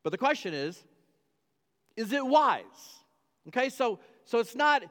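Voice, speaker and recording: A man preaches a sermon as pastor in a very high-pitched, sing-song voice with a fairly bright tone and measured pace. He's emphatic and repetitive, often restarting his phrases, and a long hall reverb surrounds him.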